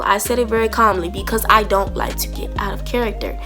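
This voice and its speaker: A young woman, telling an animated storytime to camera and acting out both sides of a heated argument. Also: medium pitch, fast talker, over music. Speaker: storytime vlogger.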